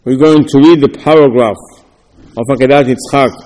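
A man giving a Torah lecture as a rabbi, arguing back and forth through rhetorical questions in a lively, animated way. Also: mid-range voice, moderate pace, in a large hall.

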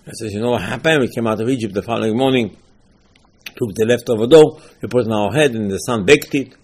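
A man giving an animated Torah class, asking and answering his own rhetorical questions. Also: medium pitch, quick pace, husky. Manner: animated, rhetorical questions, lively emphatic teaching.

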